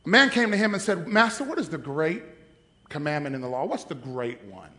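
A man preaching a sermon as pastor, dramatic, swinging from hushed asides to shouts. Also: on the high side, very animated, brisk, long reverb tail.

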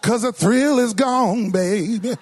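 High-voiced preacher drawing out his words. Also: husky. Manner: preaching with call-and-response, swings from slow to shouted and sung lines. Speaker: pastor. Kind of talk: sermon.

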